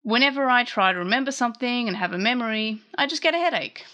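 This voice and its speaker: Lady doing a jumpy male wizard monster with memory loss, bright voice, pained yelps. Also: fairly high pitch, expressive, fast, voice pushed up. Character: amnesiac male wizard creature, touchy and defensive.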